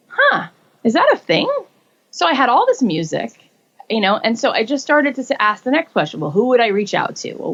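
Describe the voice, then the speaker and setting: A woman in her forties telling her own story in a casual interview, acting out quotes with lively jumps in pitch. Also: highs cut off. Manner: animated, acts out quotes with rising pitch. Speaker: guest.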